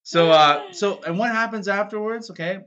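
A man's voice: high voice, moderate pace, a bit bright, muffled recording. A man, a podcast co-host, telling crude stories in casual, mock-defensive chat.

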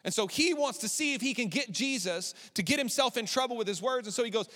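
A man's voice: high voice, expressive, a little fast, fairly bright tone. A man in his thirties preaching a sermon as pastor, candid and conversational, building to emphatic passages. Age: 30s. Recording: long hall reverb.

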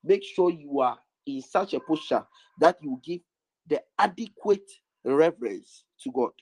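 A man's voice: a little high, animated, a little slow, darkish tone, husky, no room sound, poor audio. A man preaching a sermon, stressing his points by repeating lines over and over.

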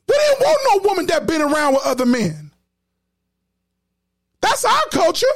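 Emphatic high-voiced podcast host. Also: male voice, no room sound, studio quality. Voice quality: emphatic, preacherly, repeats words. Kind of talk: casual commentary.

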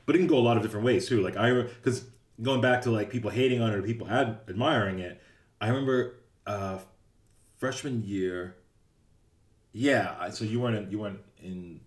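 A man's voice: on the low side, reverberant. A man co-hosting a casual chat about a film, telling stories and acting out quotes. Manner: animated storyteller, acts out quotes. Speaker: podcast co-host.

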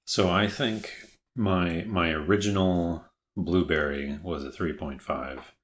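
A man with a very low voice co-hosting a casual podcast. He talks in a measured, thoughtful way and weighs each opinion before he gives it. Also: fairly even intonation. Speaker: podcast co-host. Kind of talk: casual chat.

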